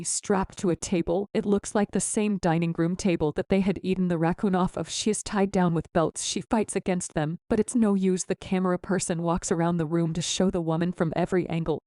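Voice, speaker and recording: A woman narrating horror stories in the first person, in an even storytelling manner. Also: lowish voice, dry recording, clean studio sound.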